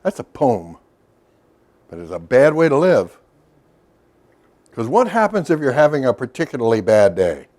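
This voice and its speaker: A man's voice: medium pitch, big pitch swings, moderate pace, long pauses, a little mellow. A middle-aged man giving a workshop lecture in a loose, storytelling way, with asides and questions to the audience. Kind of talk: recorded lecture to a professional audience.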